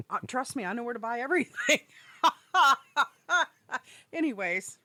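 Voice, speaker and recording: Lively, foul-mouthed woman podcast host. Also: on the high side, slow pace, no echo. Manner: profane, excitable and laughing. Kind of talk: casual chat.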